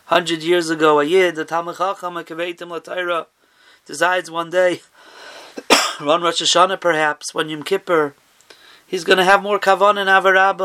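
A man's voice: high-pitched, sharp tone. A man giving an emphatic sermon, telling a story and mixing in Hebrew and Yiddish terms. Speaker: rabbi giving a Torah talk.

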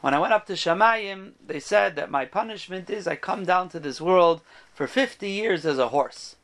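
High-voiced man telling a parable. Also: moderate pace. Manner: animated storyteller, voices the characters. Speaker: rabbi giving a Torah talk. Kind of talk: storytelling sermon.

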